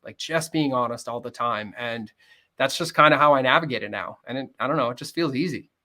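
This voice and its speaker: Brief: middle-aged male podcast guest, earnest and open, bright forward tone, mid pitch. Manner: earnest, fast-flowing, acts out quoted dialogue. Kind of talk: candid interview conversation.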